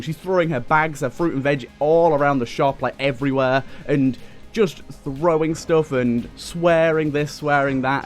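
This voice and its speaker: A young British man telling a rambling story over gameplay, with lots of restarts and fillers. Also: on the high side. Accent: British English. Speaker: let's play host. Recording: faint game music behind the voice.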